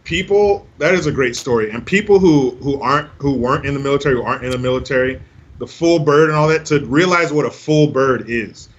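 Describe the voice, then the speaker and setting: A man's voice: medium pitch, a little fast, breathy edge. A man hosting a casual talk show, easygoing and chatty. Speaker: show host. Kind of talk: casual chat. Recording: dull lo-fi audio.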